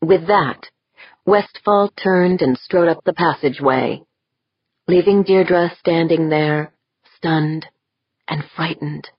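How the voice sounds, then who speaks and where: Low, husky woman narrating a story. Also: slow pace, no room sound, lo-fi sound. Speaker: audiobook narrator. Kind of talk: scripted narration.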